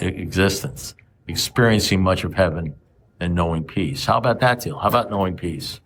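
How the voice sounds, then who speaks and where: Man, seventies, recovery meeting speaker: gravelly, salty, keeps asking the room questions. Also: deep voice, fairly bright tone, a little hiss or hum. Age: 70s. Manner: blunt, profane, repeats rhetorical questions.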